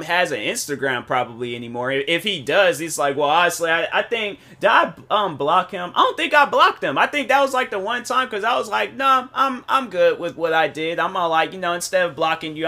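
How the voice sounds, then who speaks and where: A man's voice: on the high side, pushed and bright. A young man hosting a podcast, telling a story in a casual, rambling way, full of restarts and "so anyways" asides. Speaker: podcast host.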